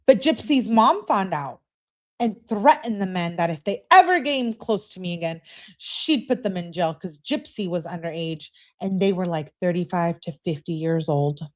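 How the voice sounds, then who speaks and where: A woman's voice: on the low side, animated, moderate pace, a little mellow, natural voice. A woman reading out the lines of a submissive young woman who pleads and apologizes. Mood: confessing.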